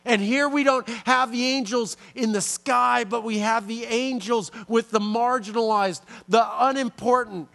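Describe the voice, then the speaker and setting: Measured high-voiced male preacher. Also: gravelly, pushed and bright. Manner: conversational, with repetitions and asides. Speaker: pastor. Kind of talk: sermon.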